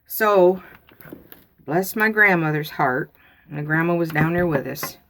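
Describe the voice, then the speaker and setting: A woman telling a folksy childhood story in a casual, drawn-out way to her viewers. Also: sits low. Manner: folksy, drawn-out, animated when quoting.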